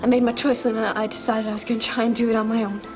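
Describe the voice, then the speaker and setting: An actress playing a distraught young wife who speaks in a tearful, shaky voice. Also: female voice, a little high, level tone, rapid-fire, over music, natural voice. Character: distraught young woman leaving her husband.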